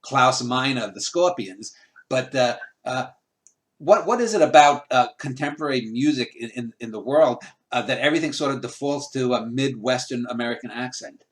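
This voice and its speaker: A man hosting a video-call interview, asking questions in a halting, casual way full of uh fillers. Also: medium pitch. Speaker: interviewer host.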